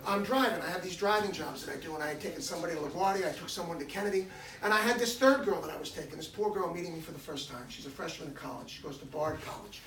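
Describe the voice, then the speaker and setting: A fairly high-pitched man talks very fast as he shares an emotional personal story with listeners gathered in a hair salon, animatedly performing the dialogue as a dog owner addressing the community. The audio is rough, distant and reverberant, with slight hiss or hum.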